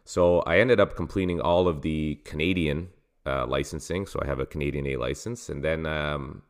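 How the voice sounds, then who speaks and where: A man who coaches soccer, calmly explaining his career as a guest in a casual interview. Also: a bass voice. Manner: measured, explanatory.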